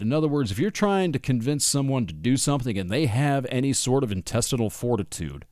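A man's voice: medium pitch, very animated, quick pace, few pauses, darkish tone, no echo, studio quality. A man delivering an opinionated monologue, reading passages aloud from a book and breaking in with sarcastic asides and laughs.

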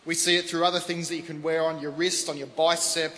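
A man giving a lively, conversational sermon to a congregation. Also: a little high, fast. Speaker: preacher. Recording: long hall reverb, faint background noise.

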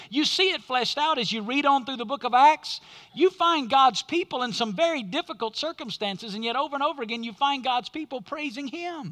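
Pastor guy preaching, very high bright voice, big echoey church sound. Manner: emphatic preaching with dramatic pauses. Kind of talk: sermon. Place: church sanctuary. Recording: long reverb of a large hall.

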